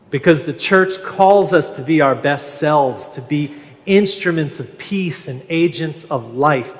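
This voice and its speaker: Male minister preaching slow and measured, gentle humor, long reverb from a big sanctuary. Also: medium pitch. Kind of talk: sermon. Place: large church sanctuary. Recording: long reverb of a large hall.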